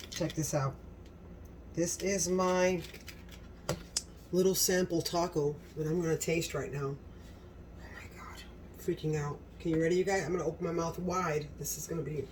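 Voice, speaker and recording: A cooking channel host with a fairly low, darkish voice gushes her way through a casual cooking demonstration in her home kitchen. Exclamatory and talking straight to viewers, she's picked up by a distant mic with a little hiss or hum.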